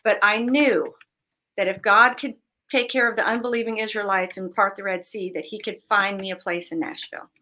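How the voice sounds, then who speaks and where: A woman in her forties, a guest and business owner, telling her story in an animated, faith-filled way and acting out voices as she goes. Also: mid-range voice, a little fast. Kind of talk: conversational interview storytelling.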